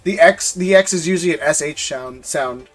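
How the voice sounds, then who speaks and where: Guy w a pretty high voice goofing around on a live stream, slangy, trips over his words, quiet music behind. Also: normal speed. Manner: loose, joking, slangy, repeats words. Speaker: live-stream host opening trading card packs. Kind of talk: casual live-stream chat with viewers.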